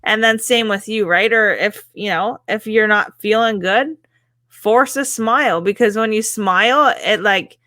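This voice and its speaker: Bright, chatty woman, dry close sound. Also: mid-range voice, unhurried, no room sound. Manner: enthusiastic, chatty. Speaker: podcast co-host. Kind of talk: motivational podcast talk.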